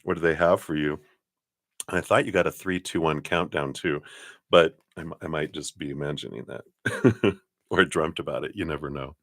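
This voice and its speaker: A man giving tarot readings on a live stream, chatty and giggly, laughing often and talking warmly about spirit and love. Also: extremely low pitch, moderate pace, dry recording, studio quality. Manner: warm, affirming, spiritual talk. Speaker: tarot card reader.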